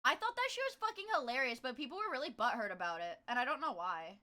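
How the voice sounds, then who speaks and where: A young woman streamer chatting casually with her viewers, rambling and swearing, breaking into loud laughter. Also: high voice, very animated, quick pace. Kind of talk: casual livestream chat.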